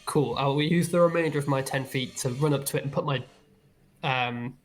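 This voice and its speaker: A man's voice: medium pitch, brisk. A man playing a tabletop game who describes his turn in a casual, light way. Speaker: player.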